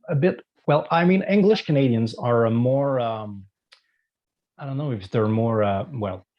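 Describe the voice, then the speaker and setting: A man's voice: mid-range voice, lo-fi sound. Hesitant man. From Quebec. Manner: hesitant, many pauses and fillers. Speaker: musician guest. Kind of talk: casual interview answers.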